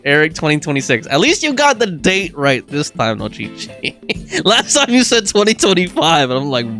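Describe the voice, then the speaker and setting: A man's voice: high voice, wildly swooping pitch, moderate pace, fairly bright tone, faint music behind. A young man casually commenting on a game during a live stream, laughing often and reading the game's text and viewers' chat aloud.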